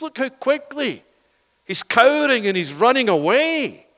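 A man preaching a sermon, swinging from loud, urgent outbursts to hushed near-whispers. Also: very high-pitched, big pitch swings, a little slow. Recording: long hall reverb.

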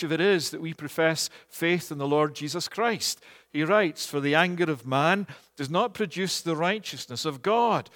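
A man preaching a sermon in a church, measured and earnest, often pausing on "eh". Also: high-pitched, a bit bright, in a large hall. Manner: measured and earnest, with frequent "eh" fillers. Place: church, also streamed online.

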